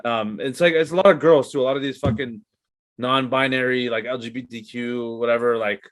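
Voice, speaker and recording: A man's voice: medium pitch, fairly even intonation, fairly quick, dry recording. A man from Canada, a comedian guest on a podcast, ranting in casual chat with heavy swearing. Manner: profane, ranting.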